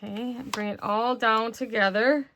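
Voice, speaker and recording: Hosting a craft tutorial, a woman casually walks through the steps while working with her hands and murmuring to herself. Her fairly high, slightly bright voice keeps a fairly even intonation at normal speed, though it sounds a little worn and is losing strength. Slight background noise is audible.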